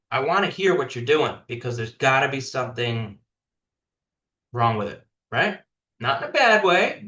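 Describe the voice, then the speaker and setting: Bright, roomy-sounding man coaching salespeople. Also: medium pitch, muffled recording. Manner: direct, coaching, repeats points for emphasis. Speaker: sales team manager. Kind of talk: coaching a sales team on a video call. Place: online team meeting.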